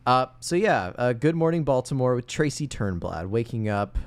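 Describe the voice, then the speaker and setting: Guy on a podcast, expressive up and down voice, wry little asides. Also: mid-range voice, moderate pace. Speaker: podcast co-host. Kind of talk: casual chat.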